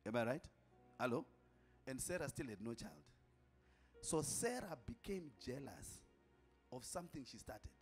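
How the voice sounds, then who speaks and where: A man's voice: medium pitch, sing-song, moderate pace, long pauses, soft background music. A man preaching a sermon as an apostle, calling out to the congregation and repeating lines for effect. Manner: emphatic, calls out to the congregation, repeats lines for effect, at times shouting.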